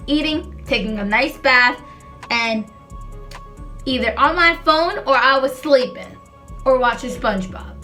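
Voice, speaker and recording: Bright-voiced sassy young woman. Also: sits high, measured pace, pauses often, soft background music. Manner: chatty, rambling, sassy, swears freely. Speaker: vlogger telling a story. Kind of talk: casual storytime chat.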